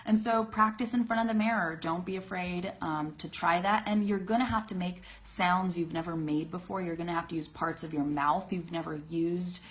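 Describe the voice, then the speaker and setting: A woman teaching English pronunciation in a casual live-streamed lesson, talking straight to viewers and slowing down to demonstrate sounds. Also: fairly low pitch, steady tone. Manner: talks to viewers directly, demonstrates sounds slowly, laughs easily. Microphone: phone or webcam for a live video stream.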